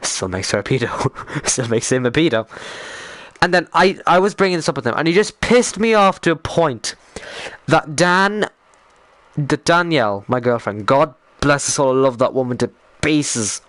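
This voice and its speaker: A man's voice: a little high, lively intonation, normal speed, a bit bright, no room sound. A young Irish man chatting casually on a live stream, rambling, swearing freely and getting worked up as he talks.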